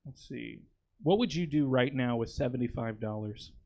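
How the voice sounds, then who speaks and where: A man in his thirties hosting a comedy show onstage, asking quick questions and teasing his guest. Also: mid-range voice, darkish tone. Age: 30s. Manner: teasing, brisk, steering questions. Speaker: host. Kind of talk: comedy show host interview. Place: comedy theater stage.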